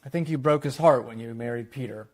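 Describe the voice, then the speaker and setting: A man's voice: medium pitch, fast, a little mellow, lightly acted. A man doing a blunt, crass older matriarch. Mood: needling. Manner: brash, needling.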